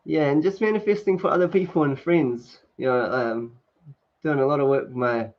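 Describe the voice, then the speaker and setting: A man's voice: a little high, normal speed. Chatty man on a dull lo-fi stream. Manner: chatty, laughs often, many fillers. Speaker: livestream host. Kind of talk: casual livestream chat reading comments. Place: indoors at home, sunny.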